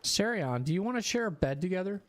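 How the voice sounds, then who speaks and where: A man's voice: high voice, animated, fast talker. Joking man streaming a game. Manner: joking, teasing, chatty with chat. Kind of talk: casual game commentary.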